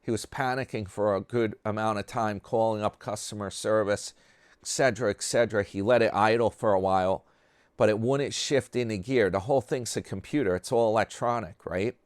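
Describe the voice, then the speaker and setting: A man's voice: lowish voice, fairly quick, clean tone, dry recording, studio quality. A man hosting a commentary channel, talking casually and sarcastically in a rambling way about another creator.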